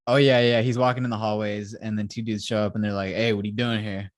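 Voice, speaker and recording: Recorded dry with studio quality, this man talks quickly in a level tone on the low side. He co-hosts a laid-back review podcast, telling rambling stories about scenes, voicing "he's like" quotes, and laughing often.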